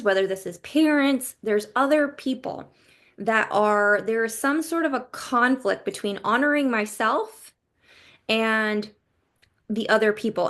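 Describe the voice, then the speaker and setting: A woman's voice: fairly high pitch, fairly bright tone. Chatty woman doing a card reading. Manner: chatty, meandering, with frequent "like" and pauses. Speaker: intuitive card reader. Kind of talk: casual spiritual card reading.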